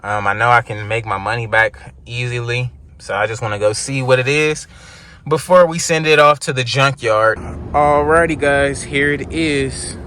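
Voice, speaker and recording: A man's voice: medium pitch, moderate pace, bright, forceful tone. A man filming a casual vlog outdoors on a phone camera, talking loosely with lots of slang and fillers. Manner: laid-back slangy talk, loose fillers. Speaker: car flipping vlogger. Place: outdoors at car lots and roadside. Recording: outdoor phone audio with street noise. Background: traffic and street noise.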